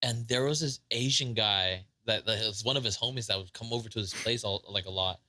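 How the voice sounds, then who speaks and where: A young man chatting with friends, telling anecdotes in halting bits and repeating himself. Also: lowish voice, sharp tone. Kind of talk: casual chat among friends.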